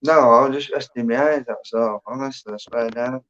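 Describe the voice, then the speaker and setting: A man's voice: medium pitch, a little fast, fairly bright tone, slight background noise. English guy on a livestream, rambling and sweary, medium voice, dull lo-fi sound. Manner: swears a lot, trails off with "and that". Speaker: livestream guest. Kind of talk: rambling casual chat. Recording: dull lo-fi stream audio.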